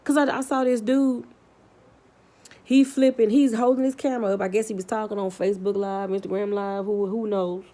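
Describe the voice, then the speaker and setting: A woman's voice: medium pitch, fairly even intonation, normal speed, dark tone. A woman vlogger in a heated, profane opinion rant, blunt and swearing constantly, often restarting her sentences as she gets worked up. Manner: repetitive restarts when worked up.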